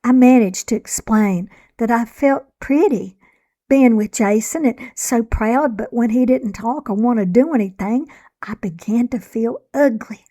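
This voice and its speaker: Slow, measured woman narrating a memoir. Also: a little high, warm tone. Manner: measured, reflective storytelling. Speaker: author and narrator.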